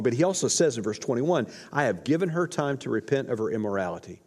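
A man's voice: mid-range voice, expressive, fast talker, darkish tone, breathy edge. A man preaching a sermon, retelling scripture in a casual, slangy storytelling way. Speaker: pastor. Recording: long hall reverb.

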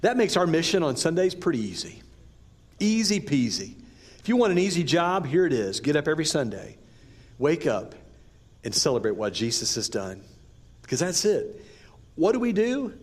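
A male pastor delivering a sermon in a relaxed, conversational way, mixing scripture reading with casual asides. His voice sits somewhat high and swings widely in pitch as he leans into his points. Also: normal speed, long pauses, breathy edge. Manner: conversational, animated preaching with asides.

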